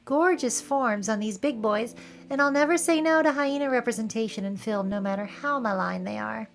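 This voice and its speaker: California valley girl lady doing a jokey film commentary, high voice, faint music behind. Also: normal speed, creaky. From San Francisco area, California. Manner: playful, wry, joking asides. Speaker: video essay host. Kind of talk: casual commentary over film clips.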